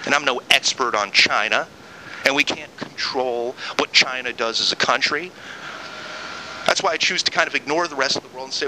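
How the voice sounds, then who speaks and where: A man's voice: medium pitch, normal speed, pushed and bright, slight background noise, poor audio. A man hosting a podcast, delivering an angry solo political rant with sarcastic mock quotes. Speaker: podcast host.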